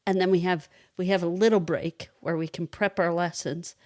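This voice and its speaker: A kindergarten reading teacher co-hosts a podcast, chatting casually, telling stories and laughing often. Her voice is on the low side and darkish, fairly even in intonation at a normal speed, recorded dry with clean studio sound.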